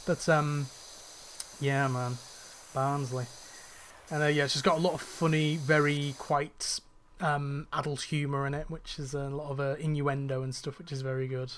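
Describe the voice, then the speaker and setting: A man's voice: fairly high pitch, flat delivery, normal speed, a bit bright, a little hiss or hum. A young man from northwest England with a faint, fairly neutral northern English accent, rambling in casual chat while gaming. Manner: chatty, rambling, many fillers and restarts. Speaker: gaming channel host.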